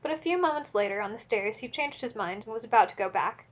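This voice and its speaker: A woman narrating a classic novel as an audiobook in a steady, measured reading. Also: a little high.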